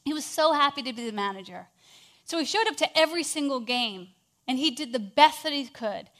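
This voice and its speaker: A high-voiced woman speaks a little fast while telling an inspirational story in a sermon. She's animated, shifting between hushed moments and loud ones.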